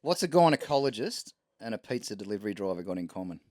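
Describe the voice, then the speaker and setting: A man's voice: fairly low pitch, very animated, fast talker, darkish tone, no room sound, clean studio sound. A man co-hosting a podcast, teasing his co-host and cracking cheeky jokes. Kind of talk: casual chat. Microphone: studio microphone.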